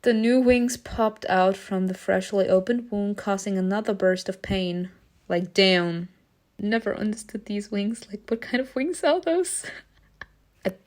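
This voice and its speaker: A woman's voice: mid-range voice, a little mellow. A young woman reading a story game aloud, breaking off with giggly, informal reactions.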